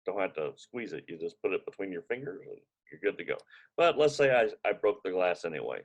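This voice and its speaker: A man's voice: low-pitched, sing-song, brisk. A man coaching people on brain injury recovery, talking loosely with many fillers and restarts and telling stories from his own life. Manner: tells personal stories to make his point. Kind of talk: casual spoken advice talk.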